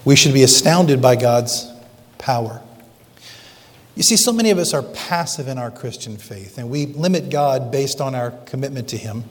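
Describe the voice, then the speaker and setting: A man preaching a sermon dramatically, slowing down for emphasis. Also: medium pitch, lively intonation. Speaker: pastor. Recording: long reverb of a large hall.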